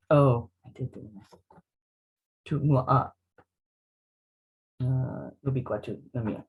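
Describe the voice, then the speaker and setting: A man who is a student in a language class, trying phrases slowly and hesitantly. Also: medium pitch, creaky, slightly rough. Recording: tinny phone-like call audio.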